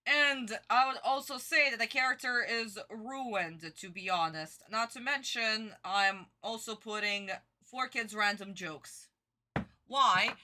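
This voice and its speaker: A woman's voice: fairly high pitch, takes it slowly, sharp tone. A tired woman streamer giving exasperated reaction commentary, ranting and repeating herself.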